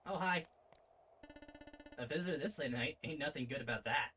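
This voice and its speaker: A man's voice: fairly high pitch, moderate pace, pushed and bright, soft background music. Man doing a cocky half-oni tough girl. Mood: dismissive. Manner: casual, drawling, dismissive. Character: cocky half-oni woman, blunt and rough.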